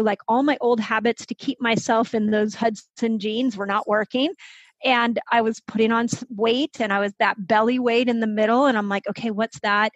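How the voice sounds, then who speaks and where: A woman in her fifties with a fairly high voice shares her story as an interview guest, animated and chatty. The recording is dry, with a slightly dull, muffled tone. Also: no room sound. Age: 50s. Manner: animated, quick to act out quoted voices. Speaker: guest, health expert. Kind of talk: conversational storytelling.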